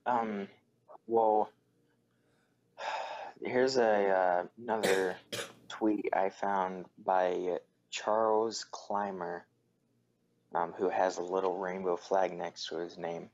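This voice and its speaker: Co-host, man with a low voice, halting and slow, muffled and faintly noisy recording. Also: little pitch movement, a little mellow. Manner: hesitant, halting, many fillers. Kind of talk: casual commentary. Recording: slightly dull recording with faint noise.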